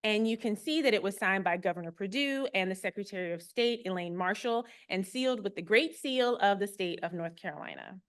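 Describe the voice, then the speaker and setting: A woman's voice: mid-range voice, expressive, brisk, few pauses. Woman archivist giving a friendly talk. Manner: friendly, explanatory, lightly humorous. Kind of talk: public talk to an audience. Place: room with a live audience.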